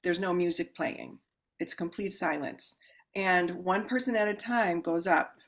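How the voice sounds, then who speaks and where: Woman podcast guest, slightly low voice, animated storyteller who acts out dialogue. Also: unhurried. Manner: animated, acts out quoted voices with sudden loud exclamations; calm explaining voice when describing the ritual. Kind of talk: casual storytelling interview.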